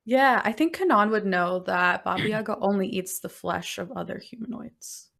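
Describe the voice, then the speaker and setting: A woman narrating as game master of a tabletop role-playing game, describing scenes in an unhurried, descriptive way. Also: mid-range voice, gravelly, a bit bright.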